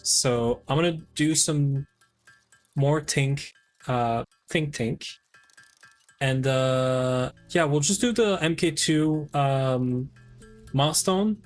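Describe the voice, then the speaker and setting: A man live-streaming a game, chatting casually with friends, rambling with many fillers and restarts. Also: medium pitch.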